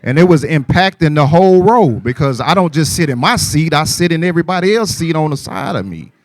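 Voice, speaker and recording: A man's voice: fairly high pitch, expressive, brisk, dry recording. A man doing casual stand-up comedy and emceeing, telling stories and throwing rhetorical asides to the audience.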